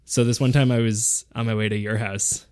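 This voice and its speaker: A young man hosting a podcast, telling a story in a casual, animated way and often breaking into laughter. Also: fairly low pitch, normal speed, clean tone. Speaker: podcast host.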